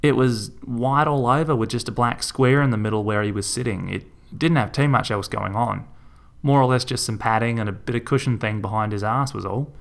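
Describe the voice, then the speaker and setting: A man's voice: medium pitch, fairly quick, creaky, lightly acted. A man voicing a cheeky, eager teenage son telling his mother a story. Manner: eager, chatty.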